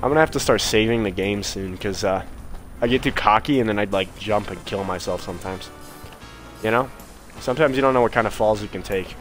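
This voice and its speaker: Man, game streamer, casual commentary, swears a lot, excitable, music in the background. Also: on the low side, a little fast. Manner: excitable, swears, jokey asides to viewers.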